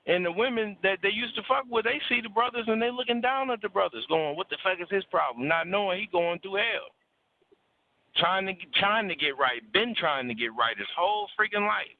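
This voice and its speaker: A man's voice: high-pitched, expressive, moderate pace, no echo. Blunt, preachy man on a tinny line. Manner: preachy, blunt, profane, repeats words for stress. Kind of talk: casual call-in talk about relationships.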